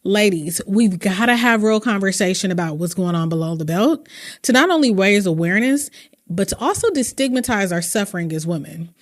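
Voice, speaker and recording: A young adult woman hosting a podcast, talking earnestly and emotionally, quick to laugh. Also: medium pitch, expressive. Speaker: podcast host. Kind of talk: warm conversational podcast interview and outro.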